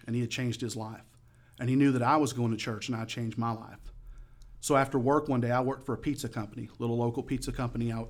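A man giving his testimony as a sermon, telling a story and acting out the voices he quotes by raising and yelling them. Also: mid-range voice. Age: adult, past high school.

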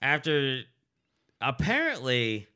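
Podcast co-host, male, bright and animated, jokey delivery. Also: medium pitch, takes it slowly, clear, resonant tone. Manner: joking, reads listener letters aloud, does silly voices. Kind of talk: casual comedic podcast chat.

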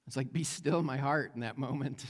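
Pastor telling a story, long hall echo. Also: male voice, mid-range voice, moderate pace. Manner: storytelling with many fillers and restarts. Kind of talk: sermon.

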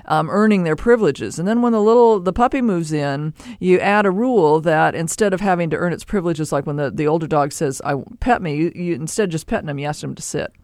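A man hosting a call-in advice show, explaining pet behavior in an animated way with playful asides. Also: fairly high pitch, quick pace, few pauses, no room sound, clean studio sound. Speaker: pet behavior expert host.

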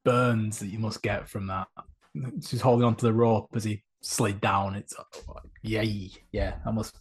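A man's voice: fairly low pitch, little pitch movement, moderate pace, husky. A man co-hosting a casual chat about a film, easygoing and chatty, hedging his thoughts as he goes. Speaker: podcast co-host.

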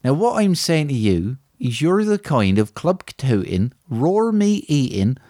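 A man putting on a disguised voice of a gruff male movie tough guy insulting someone. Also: mid-range voice, very animated, measured pace, warm tone, no echo, studio quality. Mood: mocking. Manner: disguised impression, mocking.

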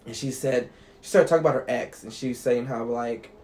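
A man's voice: medium pitch, brisk, a little mellow. A young man casually telling a story, swearing freely and laughing as he talks. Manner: laid-back, swears freely, laughs through his story.

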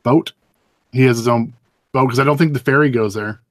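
A man's voice: medium pitch, brisk, dry recording. A man from British Columbia co-hosting a podcast, chatting casually and explaining at length with restarts. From British Columbia, Canada. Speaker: podcast co-host. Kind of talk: casual group chat.

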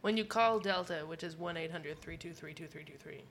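A woman's voice: sits low, a little fast, a bit bright, a little hiss or hum. A woman co-hosting a podcast, joking around in casual group chat. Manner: joking, playful.

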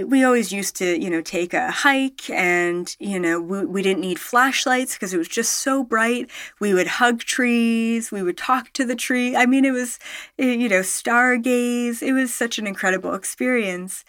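A woman's voice: medium pitch, dry recording, studio quality. A woman telling a personal story to her viewers, rambling and emphatic, full of fillers and self-corrections, with the odd swear word. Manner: swearing, animated when excited. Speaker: spiritual storyteller vlogger. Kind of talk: casual personal storytelling to camera.

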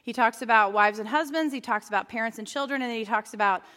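A woman teaching a church Bible study, her fairly high voice carrying a long hall reverb. She talks in a chatty way and keeps throwing questions to the audience. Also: quick pace, sharp tone.

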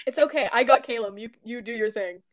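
A woman playing a tabletop game, excitable and quick to laugh. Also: a little high, no room sound. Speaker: player. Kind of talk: casual tabletop game play.

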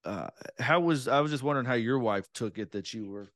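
A man's voice: medium pitch, fairly quick, a bit bright, no room sound, clean studio sound. A man in his thirties, a podcast guest, chatting casually and telling a self-deprecating story. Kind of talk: casual conversation.

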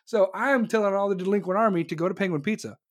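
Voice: mid-range voice, fast. Stream host from the States, profane and sarcastic, ranting hard. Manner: blunt, sarcastic, heavy swearing. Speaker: online show host. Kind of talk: profane political rant to viewers.

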